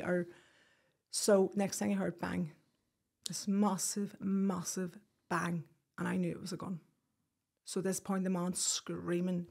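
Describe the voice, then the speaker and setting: A woman telling a painful personal story as a podcast guest, halting and restarting, acting out what people said. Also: mid-range voice, a little mellow, husky. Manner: halting, with restarts and quoted speech. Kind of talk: emotional personal account.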